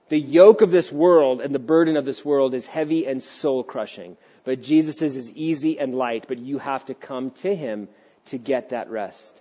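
A middle-aged man preaching in church with a slightly raised pitch, lively and expressive, sometimes sinking to a soft, hushed delivery. The recording is dull and lo-fi, with muffled highs. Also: normal speed. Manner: animated, acts out voices, drops to a hushed tone. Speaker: pastor. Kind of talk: sermon. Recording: dull lo-fi sound.

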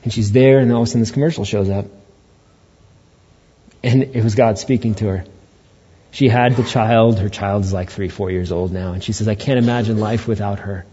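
A man's voice: fairly low pitch, fairly even intonation, moderate pace, pauses often, warm tone, a little hiss or hum. A male pastor giving a conversational sermon to his church, with joking asides to the congregation. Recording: dull lo-fi recording.

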